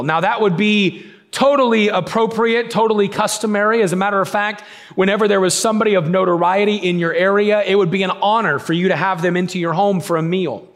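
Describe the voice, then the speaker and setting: A pastor preaching a sermon and retelling a story in a casual, conversational way, with frequent restarts. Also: male voice, high voice, fairly bright tone.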